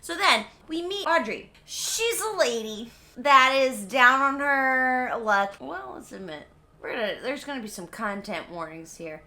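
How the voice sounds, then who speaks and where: A woman's voice: high-pitched, lively intonation, measured pace, pushed and bright. A tipsy woman vlogger who gives a rambling, giggly comedic retelling and often interrupts herself.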